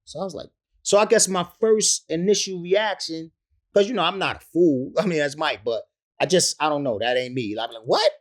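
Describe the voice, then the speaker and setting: A man's voice: fairly high pitch, brisk. A man, a rapper telling stories in an interview, profane and laughing often. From the Bronx, New York. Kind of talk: animated storytelling in an interview.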